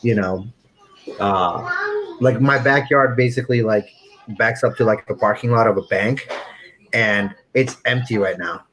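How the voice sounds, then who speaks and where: A man's voice: lowish voice, measured pace, noisy background. A man hosting a casual video-call chat, rambling with lots of fillers and restarts.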